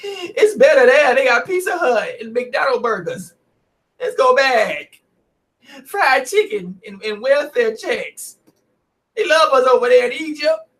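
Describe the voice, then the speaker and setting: A man's voice: animated, slow pace, fairly bright tone, far from the mic, heavily acted. A man mocking a whiny cowardly man. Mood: whining. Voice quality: whining, mocking, high and wavering. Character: whiny cowardly man begging to turn back.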